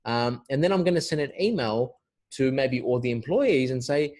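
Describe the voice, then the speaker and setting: A man's voice: medium pitch, lively intonation, moderate pace, darkish tone. A man giving an informal cybersecurity lesson in a loose, chatty way, full of fillers and restarts. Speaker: cybersecurity instructor.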